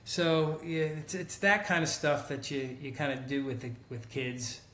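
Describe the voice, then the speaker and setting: Lively middle-aged male storyteller, echoey room. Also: on the high side, a little slow. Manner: animated storyteller who acts out quoted people. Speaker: guest, former teacher and school counselor. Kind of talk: casual storytelling conversation.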